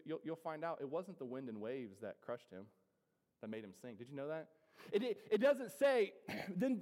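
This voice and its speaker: Pastor, male, high voice, preaching with big dynamic swings, echoing sanctuary. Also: a little mellow. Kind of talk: sermon. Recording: reverberant hall.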